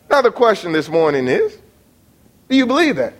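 A male pastor preaching a sermon in a church. He moves between quiet asides to the congregation and emphatic, near-shouting declarations. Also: sits high, wildly swooping pitch, normal speed, long pauses. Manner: talks to the congregation and the tech operator by name. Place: church sanctuary.

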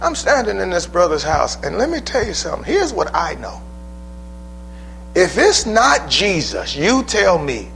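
A man preaching a sermon in a church, with emphatic call-and-response, swinging from loud exclamations to soft pleas. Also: sits high, huge pitch swings, unhurried, vocal fry, a little hiss or hum, low-quality recording. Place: church building.

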